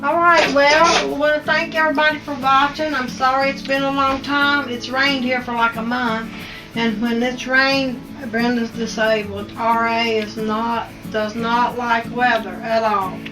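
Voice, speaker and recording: A woman with an Appalachian accent chats homey and teasing as she cooks in her kitchen. Her voice sits high and comes from a little away from the mic, with faint music underneath. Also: little pitch movement, a little slow, recorded from a distance, low-quality recording. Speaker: cooking show host. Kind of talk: casual kitchen chat. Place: home kitchen.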